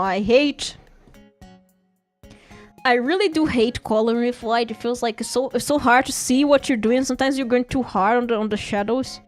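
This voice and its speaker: A woman streaming live while drawing, chatting casually and playfully, giggling and repeating phrases to herself. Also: high voice.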